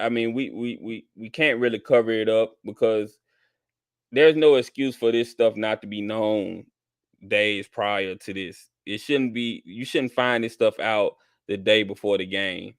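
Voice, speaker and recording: Chill host guy, low smooth voice, dry mic, talks easy w callers. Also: unhurried, no echo. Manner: easygoing, conversational, sympathetic. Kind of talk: call-in show hosting.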